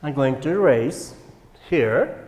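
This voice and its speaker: A man with a Colombian Spanish accent, a native Spanish speaker, teaching a slow classroom English lesson and often checking with "right?". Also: medium pitch, animated, a little mellow. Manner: slow, repeats words and asks "right?". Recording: echoey room with long reverb.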